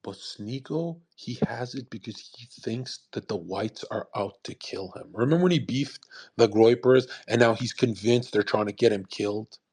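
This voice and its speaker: Man, husky voice, mid pitch; rambling profane commentary host. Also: moderate pace, darkish tone. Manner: rambling, profane, emphatic, restarts often. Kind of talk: casual monologue commentary.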